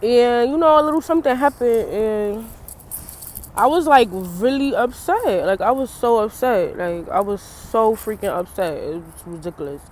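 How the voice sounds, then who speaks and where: A woman's voice: fairly high pitch, animated, normal speed, darkish tone, a little hiss or hum. A young woman talking to her camera in a casual personal vlog, chatty and loose, laughing often, her eyes swollen from crying, outdoors in the cold. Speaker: vlogger.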